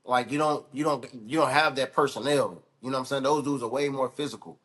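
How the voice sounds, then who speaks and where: A man's voice: medium pitch, fairly quick, a bit bright. A man co-hosting a fan sports show, talking bluntly with heavy slang and swearing. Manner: profane, heated, blunt slang. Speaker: sports podcast co-host. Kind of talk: casual sports debate.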